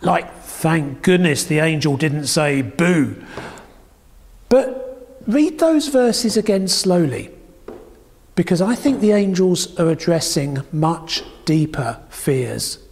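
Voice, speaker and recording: A man giving a sermon, telling stories with dramatic pauses and a hushed, repeated phrase. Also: high-pitched, big pitch swings. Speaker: preacher. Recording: long hall reverb.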